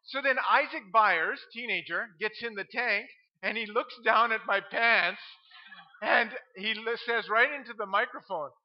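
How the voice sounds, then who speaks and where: A middle-aged man who is a pastor, telling funny stories from the pulpit in an animated way and laughing at his own tales. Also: sits high, unhurried. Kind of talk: humorous sermon storytelling. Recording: dull lo-fi sound.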